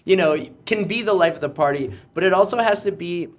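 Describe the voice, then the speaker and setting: A young man hosts a podcast in casual chat, with a fairly high voice. He talks loudly and rambles, breaking off and restarting his sentences as he goes. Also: brisk. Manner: loud, rambling, with many restarts. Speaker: podcast host.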